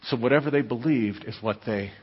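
A pastor preaching a sermon, emphatic and conversational, often asking the listeners questions. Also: male voice, medium pitch, a little fast, slightly rough. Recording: echoey hall, dull lo-fi sound.

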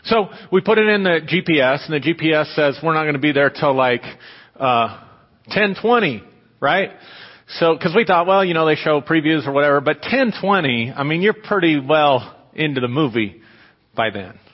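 Pastor telling a story in a reverberant hall. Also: male voice, a little high, lively intonation, moderate pace. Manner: storytelling, conversational with repeated restarts. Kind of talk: sermon. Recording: dull lo-fi audio with long hall reverb.

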